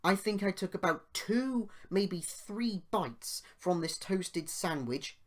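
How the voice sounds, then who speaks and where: A man's voice: sits high, expressive, slow pace. A British man hosting a podcast, rambling through a personal story with tangents and growing indignant as he retells it. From United Kingdom. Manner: grows loud and indignant while retelling. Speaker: podcast host.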